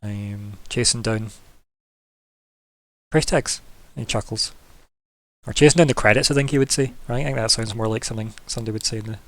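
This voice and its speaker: A man's voice: on the low side, fairly quick, pauses often, a bit bright, no room sound. A man, narrating as game master in a loose, chatty way with many fillers.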